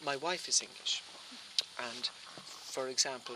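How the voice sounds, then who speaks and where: A man with a flat Irish accent, explaining at length in an interview, often restarting his sentences. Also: medium pitch, normal speed, background noise. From Ireland. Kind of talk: interview answer.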